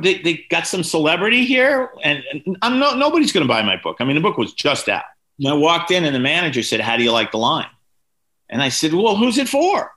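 Guesting on a podcast, this author in his sixties spins story after story in a forceful, bright voice that sits on the low side. Whenever he quotes someone, he acts them out with big jumps up in pitch.

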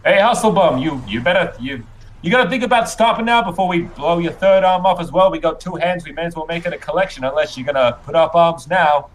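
A man's voice: a little high, a little fast, a little hiss or hum, voice pushed up, lightly acted, poor audio. A man playing a wary male gunman who makes menacing jokes in a tabletop game. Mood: menacing joking. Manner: hesitant, then menacingly joking.

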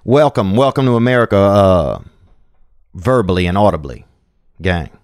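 A man's voice: fairly low pitch, lively intonation, normal speed, smooth, dry recording, studio quality. A man hosting a podcast, talking casually in loose slang with lots of fillers and restarts. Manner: loose slangy talk, many fillers and restarts, crude jokes. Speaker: podcast host taking voicemail calls. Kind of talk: casual rambling chat.

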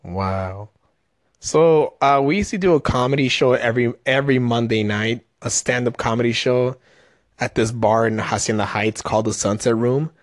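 A man's voice: mid-range voice, moderate pace, dry recording, studio quality. A man hosting a podcast as a stand-up comedian, joking and laughing often in a rambling casual chat. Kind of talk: casual chat reacting to a video.

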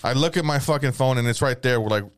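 Man, profane rambling storyteller, mid pitch, dry close sound. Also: quick pace, no room sound. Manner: profane, rambling, laughs through lines. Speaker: podcast storyteller. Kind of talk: casual comedic storytelling.

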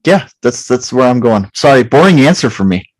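A man's voice: mid-range voice, expressive, a little fast, no echo, low-quality recording. A man from Chicago co-hosting a podcast, chatting casually and teasing the others in a playful way. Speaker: podcast co-host. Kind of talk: casual chat.

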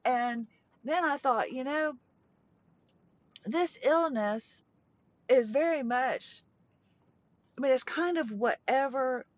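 A woman's voice: sits high, takes it slowly, pauses often, dry recording. Rambling woman talking from a parked truck. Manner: rambling, chatty, with frequent restarts and small laughs. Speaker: podcast host. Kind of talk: casual monologue. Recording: dull lo-fi sound.

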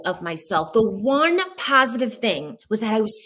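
Bright-voiced woman telling her story. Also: a little high, poor audio. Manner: animated, acts out dialogue in quick voices; frank, swears casually. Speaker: podcast guest. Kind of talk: candid personal storytelling in a casual podcast chat.

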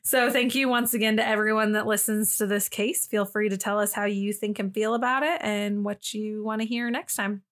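A woman's voice: medium pitch, steady tone, normal speed, few pauses, fairly bright tone. Young woman, podcast co-host, casual chat, emotional, swears freely.

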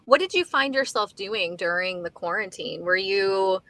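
A woman's voice: medium pitch, expressive, normal speed, fairly bright tone, no echo. A woman interviewing a musician, eager and full of praise, often saying "like" and "so great.". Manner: enthusiastic, fillers like "like" and "so great". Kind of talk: casual interview.

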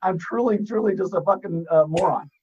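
A man guesting on a podcast, joking and self-mocking, with a deep announcer-style voice. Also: fairly quick, darkish tone, slightly rough, highs cut off. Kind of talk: casual podcast chat.

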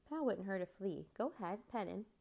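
A woman voicing an excitable, joking young boy in a storybook reading. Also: medium pitch, normal speed, creaky. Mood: teasing. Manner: teasing, loud.

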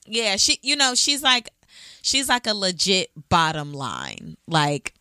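A woman's voice: medium pitch, very animated, takes it slowly, bright, forceful tone, dry recording, studio quality. A woman co-hosting a podcast, talking loosely and candidly with lots of fillers and some swearing. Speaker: podcast co-host. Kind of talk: casual chat.

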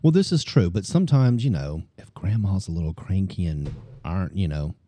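A man with a Cajun Louisiana accent hosting a casual podcast chat, animated and talkative. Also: low voice, fairly quick, breathy edge. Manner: animated, chatty, talks with his hands. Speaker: podcast host.

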